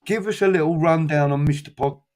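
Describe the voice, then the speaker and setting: A man's voice: fairly high pitch, a little fast, a little mellow. A man hosting a casual fan chat show, reading out viewer comments and talking things through with frequent ums. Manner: chatty, hesitant with many ums.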